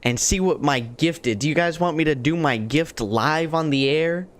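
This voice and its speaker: Streaming a game live, a young man keeps up a joking, casual chatter at a moderate pace, jumping from excited outbursts to quiet muttered comments.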